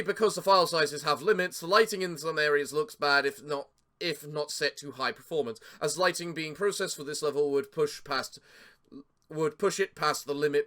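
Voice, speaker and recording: A man's voice: fairly high pitch, sharp tone. A man doing casual gameplay commentary, reading in-game text aloud with frequent stumbles and self-corrections, and laughing easily.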